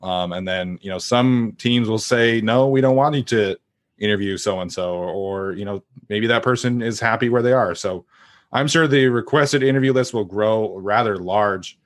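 A man hosts a casual sports discussion. He sounds chatty and laughs lightly between his points. His voice sits somewhat low. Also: normal speed.

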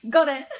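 A young woman from England hosting a podcast, telling stories in casual chat with frequent laughter and casual swearing. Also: extremely high pitch. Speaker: podcast host.

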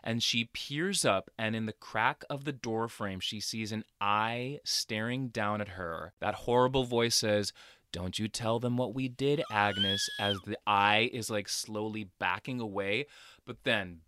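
Animated man retelling a movie, bright and dry. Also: lowish voice, a little slow, clear, resonant tone, dry recording. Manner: animated storyteller, acts out dialogue. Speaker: podcast co-host. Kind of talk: casual chat recapping a movie. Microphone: headphones with a close mic.

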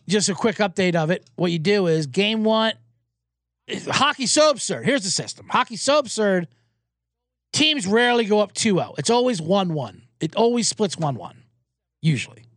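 A man hosting a sports betting podcast alone in a small booth, ranting in a rambling, excitable, profane way. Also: sits high, normal speed, no room sound, clean studio sound. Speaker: podcast host and sports bettor. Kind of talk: casual sports betting rant.

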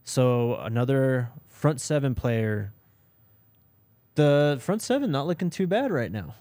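A man co-hosting a sports podcast in casual chat, relaxed and giving quick "yep" replies. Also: medium pitch, no echo. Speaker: podcast co-host.

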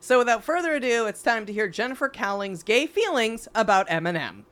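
A woman co-hosts a podcast with a bright, somewhat high voice. Her pitch swings widely as she jokes, giggles and throws in sarcastic remarks. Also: sing-song, a little fast. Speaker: podcast co-host. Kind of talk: casual podcast chat.

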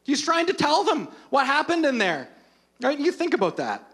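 High-voiced animated male preacher. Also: moderate pace. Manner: animated, humorous storytelling of scripture. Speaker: pastor. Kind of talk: sermon.

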